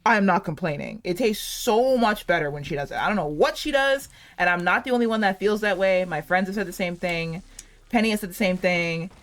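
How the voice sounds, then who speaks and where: A woman's voice: on the low side, fairly quick. A woman in her late twenties chatting casually over gameplay, rambling and giggly, saying "like" a lot. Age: late 20s. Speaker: gaming channel host.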